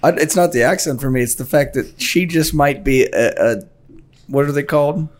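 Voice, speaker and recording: A man's voice: on the high side, normal speed. A man co-hosting a podcast, rambling through crude, joking banter with lots of restarts. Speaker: podcast co-host. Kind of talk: casual banter.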